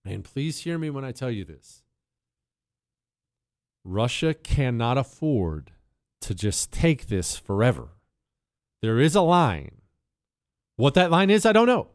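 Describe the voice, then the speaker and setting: A man hosting a talk radio show, riffing in an animated, sarcastic monologue. His voice is smooth and resonant, recorded close on a dry studio mic with no room sound. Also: takes it slowly, long pauses, no room sound. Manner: animated, sarcastic, jumps to high silly voices and sound effects. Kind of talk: opinionated casual monologue.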